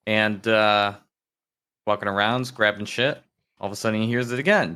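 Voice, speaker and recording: Bright-voiced man telling crude jokes. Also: on the low side, normal speed, clear, resonant tone. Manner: loose storyteller, swears freely, acts out characters' lines. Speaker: podcast co-host. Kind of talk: casual chat, telling jokes.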